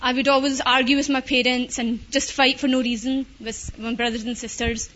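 High-voiced young Scottish woman. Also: level tone, moderate pace, a bit bright, lo-fi sound. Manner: chatty, frequent fillers, mixes in Urdu words. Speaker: student giving a testimony. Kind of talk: personal testimony.

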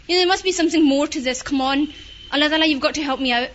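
A woman's voice: high voice, racing, fairly bright tone, muffled recording, a little hiss or hum. A young woman with a Scottish accent giving a personal testimony in a chatty way, full of fillers and with Urdu words mixed in.

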